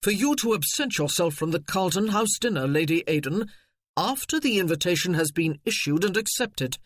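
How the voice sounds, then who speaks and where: Reader voicing a cool, haughty duke. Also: male voice, high-pitched, lively intonation, moderate pace, a bit bright, no echo, studio quality.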